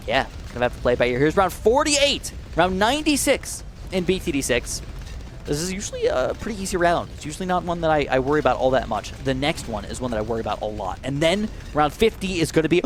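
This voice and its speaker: A young man commentating his gameplay, swinging between low mutters and high, alarmed shouts. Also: expressive, fairly quick, soft background music. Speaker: gaming commentator.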